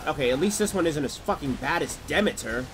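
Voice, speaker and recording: A young man streaming a game live, talking casually in a profane, excitable, trash-talking way. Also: a little high, quick pace, noisy background. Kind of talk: casual live gameplay commentary.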